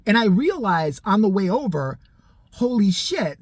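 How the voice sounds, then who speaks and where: A husky voice that leaps around in pitch as it tells a personal story on a vlog. The delivery is casual, sarcastic and full of swearing. It acts out each person in the story with gusto. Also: unhurried, no echo. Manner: animated, profane, sarcastic, acts out the people in the story. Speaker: storytime vlogger.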